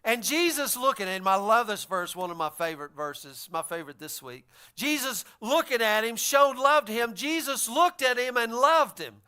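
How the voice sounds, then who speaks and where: A man's voice: very high-pitched, lively intonation, moderate pace, few pauses, bright, forceful tone, smooth. A man preaching a sermon, retelling a story and acting out the voices of its figures. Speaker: pastor.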